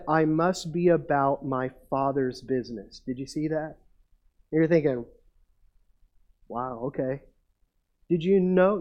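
High-voiced male pastor, animated sermon. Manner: animated storytelling, swings from soft asides to loud excited retelling; asks the congregation rhetorical questions.

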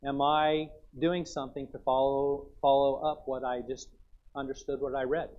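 A man's voice: mid-range voice, flat delivery, moderate pace. Man preaching a folksy sermon, muffled. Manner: folksy, acts out chewing sounds.

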